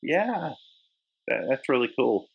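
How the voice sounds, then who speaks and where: A man who works as an editor and publisher, a guest chatting in a relaxed way and laughing easily. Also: mid-range voice, slow, creaky, slightly rough, poor audio. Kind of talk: casual chat.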